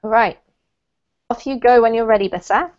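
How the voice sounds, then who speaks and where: Woman pronunciation teacher, slightly high voice, encouraging and deliberate, muffled video call audio. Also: a little mellow. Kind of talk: online group pronunciation lesson.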